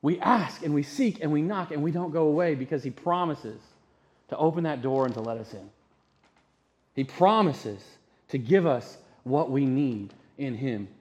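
A man's voice: a little high, animated, moderate pace, darkish tone. Conversational male pastor preaching. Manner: conversational preaching with rhetorical questions. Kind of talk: sermon.

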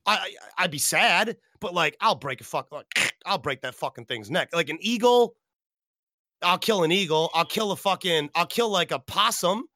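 Excitable, high-voiced man hosting a podcast. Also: moderate pace. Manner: excitable, profane, laughing a lot. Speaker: podcast host. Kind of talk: casual livestream podcast chat.

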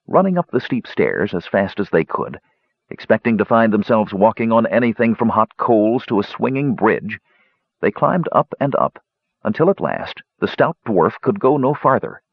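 Male audiobook narrator, husky and lively delivery, dry lo-fi sound. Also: on the low side, normal speed, no room sound. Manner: expressive storytelling. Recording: dull lo-fi recording.

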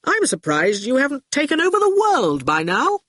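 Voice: high-pitched, wildly swooping pitch, normal speed, a bit bright, no echo, studio quality, voice pushed up, full character voice. Reader doing a politely stubborn middle-aged father. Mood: polite firm. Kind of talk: audiobook character voice.

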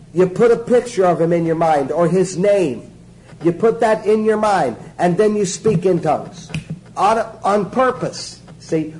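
A man's voice: high-pitched, warm tone, slight background noise, rough recording. A man giving a sermon-style teaching to a small group, emphatic and joking, repeating his instructions.

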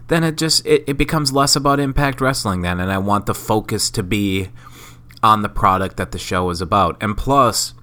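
A sick man hosts a solo podcast, rambling casually in a profane, self-mocking monologue. His voice is lowish and sharp, at a moderate pace.

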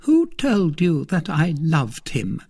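A man voicing a scheming young noblewoman in an audiobook, with high, sharp, demanding questions. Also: slow pace. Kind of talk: audiobook character voice.

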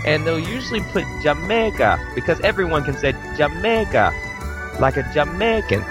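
A man's voice: on the high side, big pitch swings, measured pace, long pauses, music in the background. A married man in casual banter, playful and teasing. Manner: playful, teasing, mock accents. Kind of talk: casual group chat.

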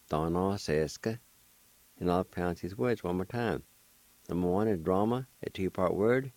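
At a normal pace, a man whose voice sits low with a darkish tone runs a spelling and pronunciation lesson on a radio program. The studio recording has no echo, and he patiently breaks words into letters and syllables.

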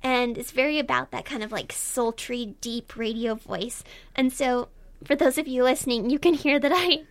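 A young woman with a high, girlish voice, talking as a guest in a casual radio interview, chatty and self-deprecating, laughing often. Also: normal speed, no room sound. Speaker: guest, student radio presenter. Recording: dry studio sound.

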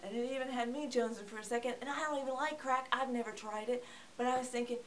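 Casual vlogger, woman, joking movie reviewer with a slightly high voice. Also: steady tone, fast, a bit bright, slight background noise. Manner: chatty and joking, acts out characters.

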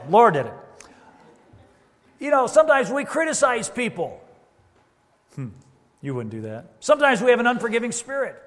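A high-pitched man preaches from the pulpit, talking to his congregation in a conversational way and slipping into quoted voices. The sound carries a long reverberant tail from the church hall around him. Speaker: pastor. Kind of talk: sermon. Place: church sanctuary.

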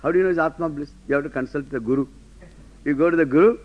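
A high-pitched man teaches in a lecture, stressing points and throwing questions at his listeners. The sound is muffled and lo-fi, like an old class recording. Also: very fast. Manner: rhetorical questions, emphatic, laughing asides. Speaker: Vedanta teacher.

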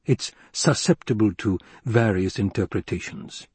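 A loyal old security chief who weighs every word, as a male reader voices him. His husky voice moves slowly and deliberately. The sound is dry and close to the mic. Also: fairly low pitch, a little mellow, no room sound. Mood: grave. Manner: measured, cautious, deliberate. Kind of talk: audiobook reading.

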